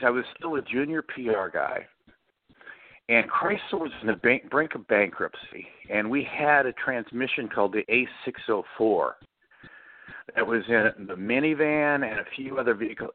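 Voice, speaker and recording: A man's voice: medium pitch, dry recording. Man telling stories over a tinny phone line. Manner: storytelling, acts out quoted voices. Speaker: guest author. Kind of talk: phone interview answers.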